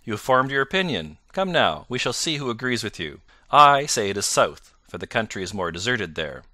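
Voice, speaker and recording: A man's voice: lowish voice, animated, a little fast, no echo, studio quality. A man doing a bluff, hearty police inspector. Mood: jovial. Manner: jovial, loud, confident.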